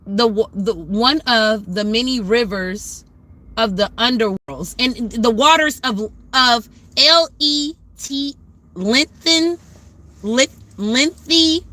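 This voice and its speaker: A woman's voice: high-pitched, bright, forceful tone, rough recording. A woman hosting a livestream, talking in a fervent, preachy way with lots of repetition and occasional swearing. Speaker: livestream host. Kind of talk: impassioned spiritual livestream talk.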